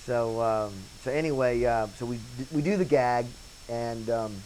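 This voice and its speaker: Man, documentary interviewee, casual anecdote, plays out quoted voices, middle pitch. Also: moderate pace, a little hiss or hum, poor audio. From Wilmington, North Carolina area. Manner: lively anecdote-telling, acting out quoted voices. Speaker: interviewee, former set painter turned bit actor.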